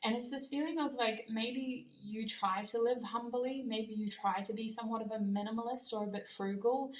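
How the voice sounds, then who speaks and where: A woman's voice: a little high, steady tone, moderate pace, far from the mic. Woman tarot reader, casual and rambling, roomy echo, a bit off-mic. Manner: rambling and self-correcting, with soft laughs. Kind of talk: casual spoken tarot reading.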